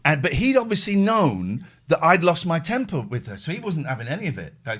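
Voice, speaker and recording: Male host, middle-aged, animated storyteller, slightly higher voice with a lively, swinging delivery. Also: brisk, hardly any pauses. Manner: animated storyteller, acts out phone calls, thanks subscribers. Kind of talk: casual chat, livestream storytelling.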